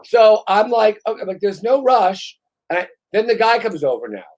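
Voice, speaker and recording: A woman's voice: medium pitch, quick pace. Profane, worked-up woman telling a story. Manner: profane, animated storyteller who gets worked up. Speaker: podcast host. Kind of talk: comedic casual chat.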